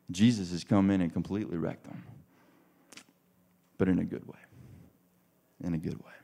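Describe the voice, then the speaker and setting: A man preaching in a casual, animated, conversational way with touches of humor. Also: lowish voice. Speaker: pastor. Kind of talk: sermon.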